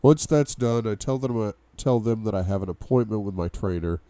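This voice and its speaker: A man's voice: on the low side, a little fast, mellow, clear, resonant tone, no room sound. A young man reading a novel aloud for a book club, with asides to his viewers. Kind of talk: audiobook-style reading.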